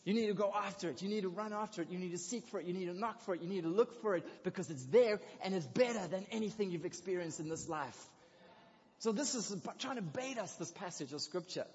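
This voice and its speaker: A man preaching a sermon in a lively, conversational way, with excited asides. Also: high voice, quick pace, slightly rough. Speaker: pastor. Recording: dull lo-fi recording in a reverberant hall.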